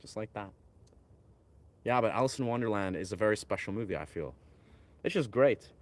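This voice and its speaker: A man's voice: lowish voice, lively intonation, a little fast. A man talking in a rambling, dreamy way, full of fillers, while out among pine trees. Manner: dreamy, wandering, filler-heavy musing. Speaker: vlogger. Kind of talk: rambling outdoor vlog talk.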